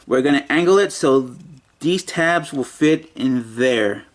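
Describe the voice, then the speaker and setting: A man's voice: mid-range voice, expressive, a little slow. A man giving a casual toy review, muttering and joking to himself as he handles the figure.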